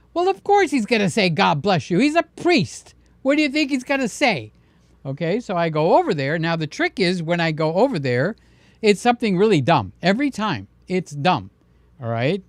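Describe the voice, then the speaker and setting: A man talks through a live stream in a loose, joking manner, jumping up in pitch when he gets excited. His voice sits in a middling range and sounds dry and close to the mic. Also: no room sound. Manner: chatty, jokey, animated, with many fillers. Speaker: camera channel host. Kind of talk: casual live stream chat.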